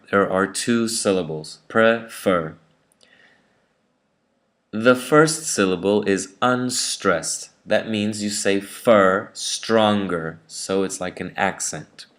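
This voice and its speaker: Slow, low-voiced American teacher. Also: male voice. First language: English. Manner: careful, demonstrates words slowly. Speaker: English teacher. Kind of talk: pronunciation video lesson.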